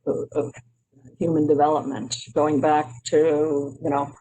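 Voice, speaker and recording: A presenter from Maryland speaks to a county committee while moving through slides. The talk is relaxed and conversational, with frequent um and uh fillers and restarted phrases. The voice sits at an ordinary middle pitch. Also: a little slow, breathy edge, poor audio. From Maryland, United States. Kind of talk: informal slide presentation on urban history.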